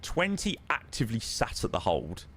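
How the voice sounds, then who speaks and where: A man's voice: fairly low pitch, wildly swooping pitch, moderate pace, fairly bright tone, slight background noise. A man chatting casually on a live stream, answering viewers with plenty of ums and friendly "mate"s. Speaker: live streamer flying a flight simulator.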